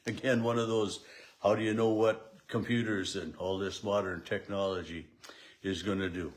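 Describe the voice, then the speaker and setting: A pastor talking through a daily Bible devotional in a halting, unscripted way, with frequent restarts and fillers. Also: male voice, fairly low pitch, flat delivery. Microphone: camera at home setup.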